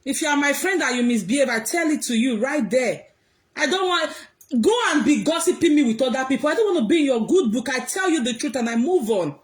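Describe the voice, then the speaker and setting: Woman vlogger, high voice, blunt and emphatic, talking straight to viewers. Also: brisk. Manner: emphatic, animated, often raising her voice. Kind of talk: casual commentary to viewers.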